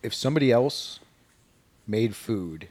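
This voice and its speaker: A man's voice: mid-range voice, animated, a little slow, darkish tone, no room sound. A man who cooked breakfast, chatting playfully with family and laughing often. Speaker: breakfast cook. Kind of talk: casual family chat.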